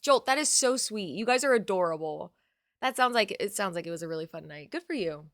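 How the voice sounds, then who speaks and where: A woman's voice: mid-range voice, animated, a little fast, fairly bright tone, no room sound, studio quality. A young adult woman chatting casually on a live stream, reading out her chat and swearing now and then.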